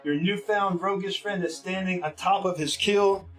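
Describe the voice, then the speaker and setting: A man running a tabletop game as game master, excitable, laughing often and explaining in halting bursts. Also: high voice, faint music behind.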